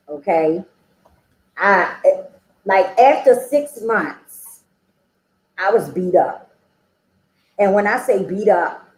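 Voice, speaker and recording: A woman's voice: mid-range voice, a little mellow, reverberant, rough recording. A woman sharing her personal recovery story at a meeting, chatty and conversational, acting out the dialogue she quotes and often checking in with "okay?" and "you know?".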